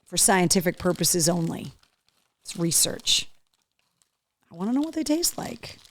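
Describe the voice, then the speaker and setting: A woman hosting a casual live show, chatty and excitable, talking to her dog between opening gifts from fans. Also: fairly low pitch, a little slow. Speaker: host.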